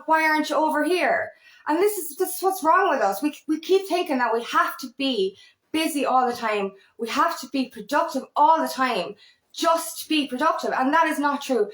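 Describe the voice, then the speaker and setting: A woman's voice: high-pitched, a bit bright. A woman empowerment coach in a casual vlog, rambling earnestly with restarts, repeated words and the odd swear word. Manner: occasional swearing. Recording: echoey room.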